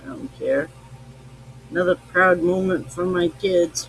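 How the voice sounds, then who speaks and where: A man's voice: sits high, a little slow, vocal fry, a bit bright, slight background noise, poor audio. A tipsy man hosting a live podcast, rambling, swearing freely and affectionate. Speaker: podcast host. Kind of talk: casual live-stream chat.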